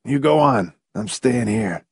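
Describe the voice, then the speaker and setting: A man's voice: medium pitch, lively intonation, a little slow, creaky, slightly rough, no echo, studio quality, exaggerated voice. A man reading the part of a sick, gloomy man who mutters in a defeated tone. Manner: muttering, sullen.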